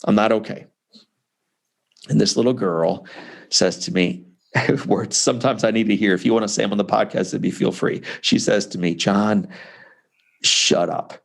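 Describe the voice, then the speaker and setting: A man in his forties from Missouri, a guest author telling an emotional personal story in an earnest, impassioned way with dramatic pauses, heard over a video call. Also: fairly low pitch, vocal fry. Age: 40s.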